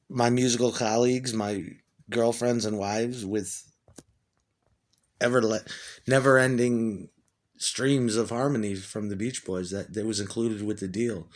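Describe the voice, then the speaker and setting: Male musician, mid-pitched, swearing and rambling through a casual anecdote. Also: measured pace, long pauses. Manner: profane, rambling, excitable when retelling. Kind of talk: casual storytelling monologue.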